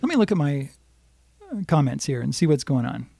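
A man's voice: on the high side, big pitch swings, a little fast, vocal fry. A man teaching a live-streamed guitar lesson, explaining music theory patiently and singing bits of the melody. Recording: guitar playing behind voice.

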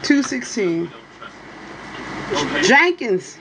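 Over a crowd in the background, a woman running a casual livestream reads for her viewers and teases them playfully, often asking "you hear me?" Her delivery is sing-song and very slow, drawling, then swooping into high exclamations.

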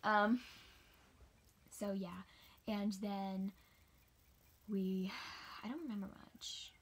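A teenage girl telling a rambling storytime for her channel, chatty with many fillers and soft whispered asides. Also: mid-range voice, fairly even intonation, very slow, husky. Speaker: vlogger. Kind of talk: casual storytime.

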